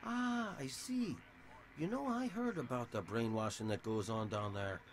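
An actor with an Irish accent playing a sly, theatrical middle-aged saloon owner in a video game. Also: male voice, medium pitch, measured pace, slight background noise, lightly acted. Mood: smug. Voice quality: theatrical, smug and oily.

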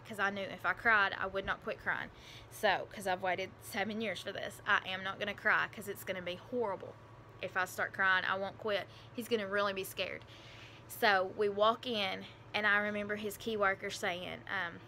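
A woman tells a personal story to her camera, her voice bright and forward. She talks in an emotional, rambling way, full of fillers and restarts. A faint hiss sits under the recording. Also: medium pitch, fairly even intonation, normal speed. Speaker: vlogger telling her adoption story.

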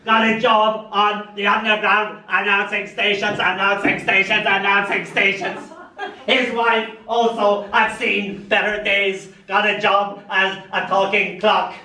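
Man doing a down-on-his-luck Dalek, clipped staccato delivery, raised pitch, echoey hall. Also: little pitch movement, measured pace, bright, forceful tone, exaggerated voice. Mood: flat declaiming. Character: glum out-of-work Dalek, metallic monotone alien. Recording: roomy hall, distant mic, faint room noise.

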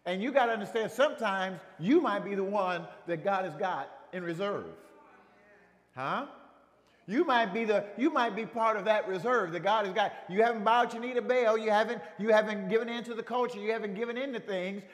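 A man pastor preaching a sermon, animated, often restarting phrases and acting out quotes. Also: high voice, brisk, long reverb tail. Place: church sanctuary.

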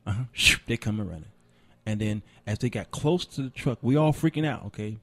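Male preacher-host, lively storyteller, dry studio sound. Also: fairly low pitch, fairly quick, no echo. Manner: animated storyteller, laughs often. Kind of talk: casual talk show storytelling.

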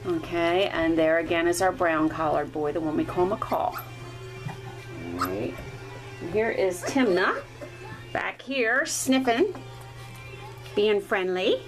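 A woman breeder talking casually while filming her puppies one-handed indoors, now and then cooing at them in a high baby-talk voice. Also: very animated, slow pace, long pauses, over music, low-quality recording. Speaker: dog breeder. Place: indoors at a puppy litter area. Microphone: handheld camera, filming one-handed.

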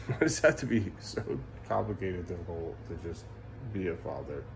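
With lively intonation and a moderate pace, a low-voiced father in his thirties talks casually to camera in a nighttime vlog from home. He gets emotional, swears, and uses fillers, and the camera mic captures slight background noise.

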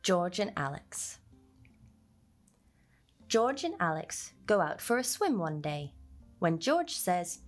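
A woman reading a children's picture book aloud in an expressive storyteller's voice. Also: lowish voice, slow pace, long pauses, soft background music.

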